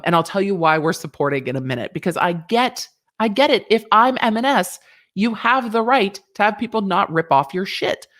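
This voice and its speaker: A woman lawyer, giving sassy, playful reaction commentary on a news story, close to a desk mic. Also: on the low side. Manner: sassy, playful, chatty with asides.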